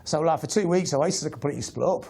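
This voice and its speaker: Fast, gravelly storyteller. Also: male voice, on the high side. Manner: animated, acts out quoted voices. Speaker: interviewee telling an anecdote. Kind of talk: lively storytelling.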